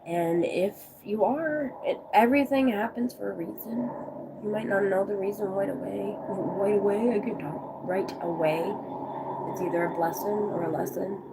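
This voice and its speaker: A woman's voice: medium pitch, normal speed, creaky, background noise. A woman in her forties from the United States, chatting casually on a live stream, rambling through stories and answering viewers' comments. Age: 40s.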